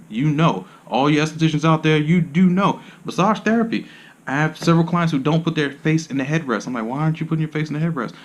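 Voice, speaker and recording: Man massage therapist, blunt and profane, streetwise slang, rambling talk to camera. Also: medium pitch. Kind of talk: casual monologue to camera.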